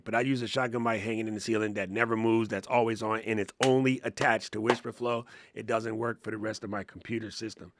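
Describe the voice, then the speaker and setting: A man in his fifties hosting a casual live-stream Q&A from his home studio, animated and laughing, swearing freely. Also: medium pitch, dry recording. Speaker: host. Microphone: studio microphone.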